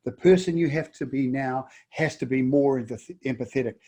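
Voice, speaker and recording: Speaking at a moderate pace, this business coach from New Zealand, middle-aged, has a mid-range, dark, slightly rough voice. His webinar presentation is emphatic, full of repeated words and rhetorical questions.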